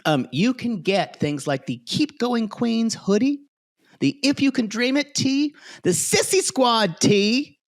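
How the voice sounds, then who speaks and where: A man co-hosting a comedy podcast in playful, casual chat, often giggling and jumping into silly high voices. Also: animated, slow. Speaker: podcast co-host.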